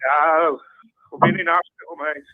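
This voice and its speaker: A man's voice: a little high, steady tone, normal speed. A man calling into a phone-in show, telling a rambling story with heavy swearing. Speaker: caller. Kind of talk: phone-in call. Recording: phone line.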